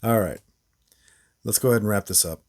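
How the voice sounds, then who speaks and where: A man's voice: on the low side, brisk, darkish tone. A man hosting a casual toy review, rambling with frequent fillers and short laughs. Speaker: toy reviewer, channel host.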